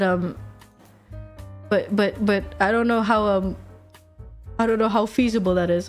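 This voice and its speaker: A young woman streamer in casual chat, animated, swearing freely and laughing often. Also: mid-range voice.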